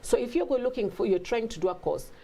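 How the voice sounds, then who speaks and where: A woman guest in a casual talk, telling stories with lively acted-out quotes and frequent laughter. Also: a little high, fast, vocal fry. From Africa. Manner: animated storytelling, acts out quotes, laughs often. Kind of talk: casual conversation.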